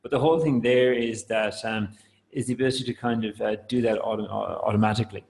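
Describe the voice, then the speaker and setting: A man walks listeners through a software product in a webinar. His voice sits low and keeps a flat, even contour. He talks loosely, circling back with fillers and restarts. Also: fast, vocal fry, rough recording. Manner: loose, rambling delivery with many fillers and restarts. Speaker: product presenter. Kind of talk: webinar talk.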